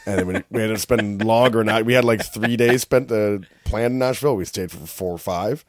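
Canadian man, low voice, animated storyteller; dry close recording. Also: fairly quick, dry recording. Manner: animated storytelling, acts out quoted people loudly. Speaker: storyteller in a casual conversation. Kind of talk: casual chat.

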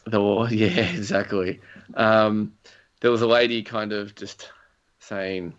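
A man's voice: on the low side, steady tone, takes it slowly. A young man chatting casually about a video game, rambling through stories with lots of fillers and chuckles. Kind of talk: casual gaming chat. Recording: slightly dull lo-fi recording.

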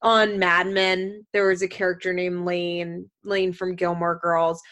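A woman's voice: fairly low pitch, little pitch movement, measured pace, fairly bright tone. A woman chatting casually as a podcast co-host, giggly and full of fillers. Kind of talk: casual chat.

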